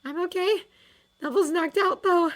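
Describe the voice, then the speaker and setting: Woman voicing a scared young schoolgirl witch. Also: moderate pace. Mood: panicked. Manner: high, urgent and breathless.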